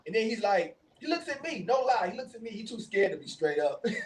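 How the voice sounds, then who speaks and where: A man co-hosting a casual talk show, telling animated stories and laughing often. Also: sits high, quick pace, distant mic, soft background music, rough recording. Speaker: co-host. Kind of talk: casual chat.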